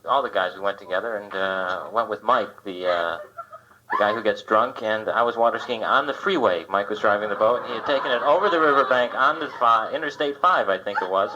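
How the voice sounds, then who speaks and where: A man's voice: fairly low pitch, pushed and bright. A male comedian doing a self-deprecating stand-up set, chatting with the crowd on a comedy club stage. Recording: dull, noisy live club tape.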